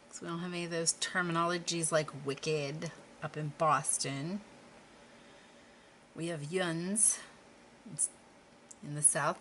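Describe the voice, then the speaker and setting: A middle-aged woman talks in a low register. Her talk is chatty and rambling, with self-deprecating asides as she paints. A faint noise floor sits under her voice. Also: a bit bright. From Western Pennsylvania. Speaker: craft vlogger. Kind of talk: casual chat while painting.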